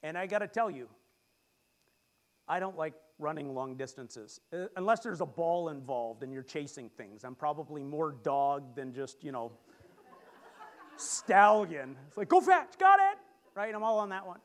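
A middle-aged man preaching a lively sermon in a church, joking with the congregation and leading call-and-response. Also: fairly high pitch, moderate pace. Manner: animated, jokes with the congregation and leads call-and-response. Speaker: pastor. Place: church sanctuary.

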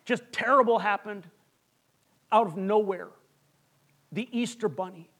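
A man preaching a sermon, telling a long joke story with dramatic pauses that drop to a hush. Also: high-pitched. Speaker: pastor.

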